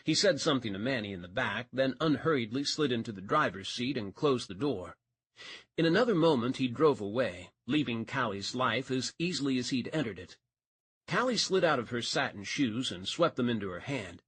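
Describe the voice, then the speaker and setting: A man's voice: medium pitch, expressive, normal speed, fairly bright tone, slightly rough, no echo. A man narrating a romance audiobook, reading expressively and changing voice for each character.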